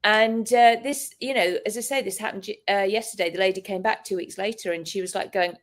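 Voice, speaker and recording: A woman's voice: mid-range voice, brisk, hardly any pauses. Enthusiastic woman hosting an interview. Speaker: hypnotist and podcast host. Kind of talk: casual interview chat.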